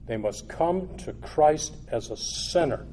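A man preaches with earnest, repetitive insistence. His voice sits a little high but sounds mellow and warm. It climbs to loud, emphatic peaks and sinks to low, quiet stretches over a faint background hiss. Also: expressive, slow. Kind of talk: sermon.

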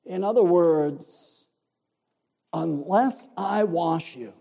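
A man's voice: a little high, gravelly, dark tone. Man preaching in a reverberant hall. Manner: explains Greek words, emphatic and deliberate. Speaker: pastor. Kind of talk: expository sermon.

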